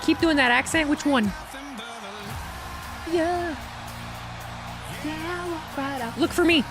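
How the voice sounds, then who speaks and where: A woman's voice: high voice, slow pace, music in the background. A young woman chatting casually on a live stream, sarcastic and talkative, reading chat messages aloud.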